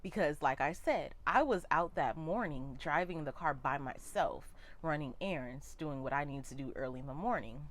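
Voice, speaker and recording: A woman's voice: deep voice, animated, moderate pace, hardly any pauses, slight background noise. A young woman telling a personal story to camera, emotional and repeating words for emphasis. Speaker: vlogger.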